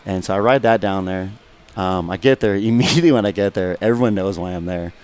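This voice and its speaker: A man's voice: deep voice, fast talker, darkish tone, smooth. A young man, a guest fighter, telling a rambling, profane story in casual chat and often asking "you know what I mean".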